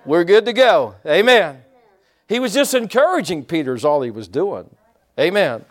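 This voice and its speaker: Guy pastor preaching, voice kinda high and all over the place, laughs a lot, keeps asking the church right?. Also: moderate pace. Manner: animated storytelling with laughs and repetitions; draws congregation responses with questions. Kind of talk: sermon.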